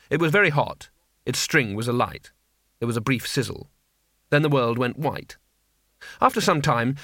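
A man narrating an audiobook in a wry, steady storytelling manner. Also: mid-range voice, dry recording, studio quality.

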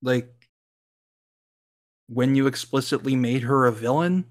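At a measured pace and medium pitch, a man co-hosting a podcast wanders through a casual conversation. He laughs a lot and leans heavily on fillers like "like" and "um."

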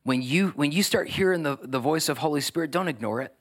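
A man preaching a sermon, building to emphatic, energetic exhortation. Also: a little high, a little fast. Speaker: pastor.

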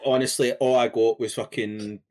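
A man co-hosting a podcast, telling a story in a relaxed, rambling way with lots of fillers and swearing. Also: mid-range voice, moderate pace, a little hiss or hum. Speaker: podcast co-host.

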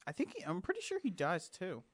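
A man's voice: high voice, huge pitch swings, fast, crowd noise. A young man co-hosting a casual chat about games, with wry, sarcastic remarks and casual swearing. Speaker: podcast co-host.

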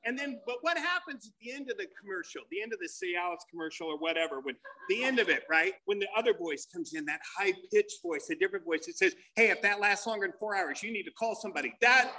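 A man doing a crude, rambling stand-up comedy set, telling stories with animated put-on voices. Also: sits high.

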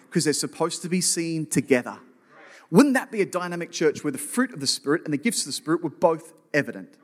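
High-voiced male pastor preaching. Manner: conversational, repeats words when restarting, joking asides. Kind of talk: sermon. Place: church auditorium. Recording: long reverb of a church hall.

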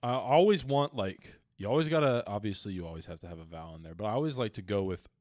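A man's voice: on the low side, animated, quick pace, darkish tone, dry recording, clean studio sound. Rambling young man, casual banter. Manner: rambling, casual, swears often. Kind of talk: casual chat.

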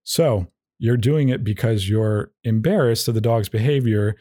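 A man's voice: fairly low pitch, unhurried, mellow, no echo, clean studio sound. A man hosting a solo podcast, talking in a casual, rambling and opinionated way with a wry edge. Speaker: podcast host.

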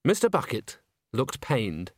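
A male audiobook narrator with a mid-pitched voice that moves expressively up and down. The recording is close and dry, with no room sound. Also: measured pace, no room sound. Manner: expressive storytelling. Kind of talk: scripted narration.

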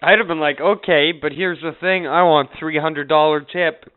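A man chiming in on a podcast with quick wisecracks in casual chat. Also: fairly high pitch, fairly even intonation, clean tone, dry recording. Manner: wisecracking interjections. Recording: dry, tinny phone-like sound.

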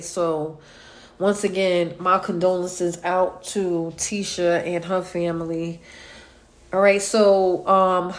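Emotional woman in her thirties, chatting. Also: lowish voice. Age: 30s. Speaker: vlogger. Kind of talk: casual chat to followers.

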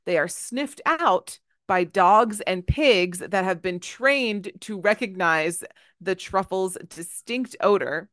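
A woman's voice: mid-range voice, expressive, slow, fairly bright tone, dry recording, studio quality. A woman co-hosting a casual podcast, reading her notes aloud, stumbling over hard words and laughing at herself. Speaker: podcast co-host presenting research.

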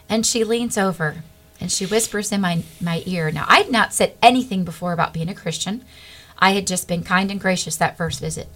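A middle-aged woman, a guest, telling a personal faith testimony in an earnest, animated way. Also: lowish voice.

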